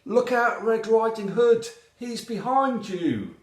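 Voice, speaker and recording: A man voicing little storybook animals that shriek warnings in a high, shrill shout. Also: expressive, slow, roomy sound, heavily acted. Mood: alarmed.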